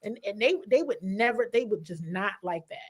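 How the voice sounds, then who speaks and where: A woman sports reporter chatting as a podcast guest, telling stories with lively quoted asides, in a casual style. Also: mid-range voice, brisk, husky. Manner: animated storyteller, quotes people in voices.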